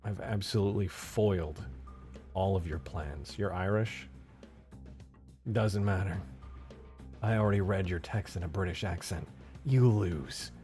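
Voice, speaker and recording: Deep-voiced and measured, pausing often, this American modding streamer gives casual live commentary as he works on a game mod. He jokes with chat, mutters to himself and yelps suddenly with excitement, with faint music in the background.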